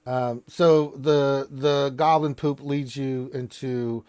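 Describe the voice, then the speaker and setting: A man's voice: medium pitch, fairly even intonation, takes it slowly, a little mellow, clear, resonant tone. A man narrating a tabletop game as game master, rambling with restarts.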